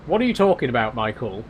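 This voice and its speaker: Young South Yorkshire male streamer, casual chatty delivery, mid-pitched voice, faint noise behind. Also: very animated, fairly quick. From South Yorkshire, England. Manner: chatty, reads chat aloud, laughs often, swears. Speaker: game streamer. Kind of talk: casual live-stream chat while gaming.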